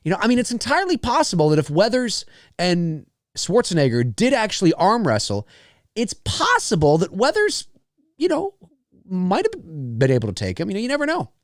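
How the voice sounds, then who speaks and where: Chatty man with a lively, dry voice. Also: high-pitched, normal speed, no room sound. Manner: rambling and chatty, with frequent laughs and swearing. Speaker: host of a live movie commentary show. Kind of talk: casual live movie commentary.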